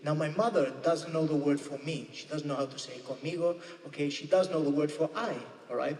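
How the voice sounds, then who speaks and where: A man's voice: a little high, brisk, a little mellow. A man doing live stand-up comedy in a church, chatty and constantly checking in with the audience. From United Kingdom. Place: church used as a venue. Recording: echoey church hall from a distance.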